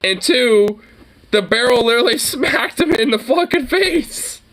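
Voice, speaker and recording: A man giving casual, animated reaction commentary on gun videos, swearing often and laughing at the clips. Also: extremely high pitch, unhurried.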